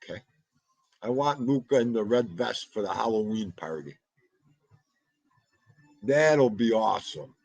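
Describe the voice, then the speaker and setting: A man's voice: fairly low pitch, animated, measured pace, gravelly, pauses often, slightly rough, no echo, rough recording. A man with a New York accent hosting a live podcast, chatting casually with viewers and calling out their names. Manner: chatty, shouts out viewers by name, jokey. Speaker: live podcast host reading chat. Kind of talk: casual livestream chat.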